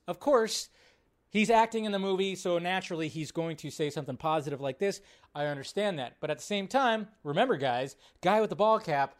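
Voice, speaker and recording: Excitable, foul-mouthed male movie-news host. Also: high-pitched. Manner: animated, profane, excitable. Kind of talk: casual live-stream commentary.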